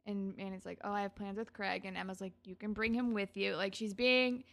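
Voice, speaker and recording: Young woman, casual co-host, chatty and animated, quotes characters as she goes. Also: mid-range voice, fairly quick, vocal fry. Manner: chatty, full of "like", acts out characters' lines. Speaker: podcast co-host recapping a TV episode. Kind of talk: casual chat.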